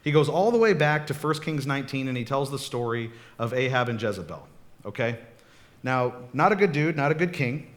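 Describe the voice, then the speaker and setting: A man's voice: mid-range voice, expressive, a little fast. A man preaching a casual, conversational sermon as pastor, often checking in with the congregation. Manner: chatty, checks in often with "okay?" and "right?".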